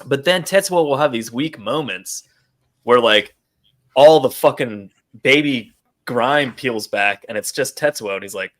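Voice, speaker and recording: A man's voice: medium pitch, animated, measured pace, a bit bright. A man co-hosting a casual podcast chat, rambling with lots of fillers and acting out quotes. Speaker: podcast co-host.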